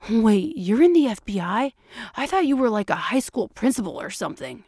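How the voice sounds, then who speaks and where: A woman voicing a brash, crude-talking man who speaks bluntly and a bit louder. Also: medium pitch, normal speed, no echo, studio quality, close to an everyday voice.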